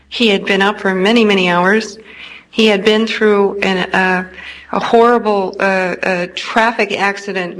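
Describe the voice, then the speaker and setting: A woman from California giving an earnest, unhurried personal testimony, pausing often with hesitations. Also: medium pitch, low-quality recording. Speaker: speaker recounting a near-death experience. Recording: restored old recording with faint noise.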